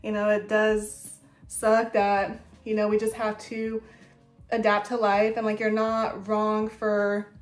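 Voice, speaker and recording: A woman's voice: mid-range voice, monotone, slow, soft background music. A young woman talking casually to camera in a vlog, chatty and full of fillers. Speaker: vlogger. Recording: echoey room.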